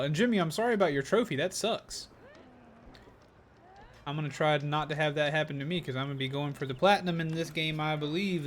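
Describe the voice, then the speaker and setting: A man's voice: a little high, slight background noise. A man streaming a game live, chatting casually and upbeat, often thanking viewers. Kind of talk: casual live gaming commentary.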